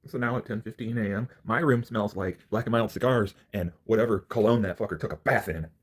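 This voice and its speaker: A man ranting to the camera in a profane solo monologue, angry, swinging from low mutters to near-shouts. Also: a little fast, slightly rough.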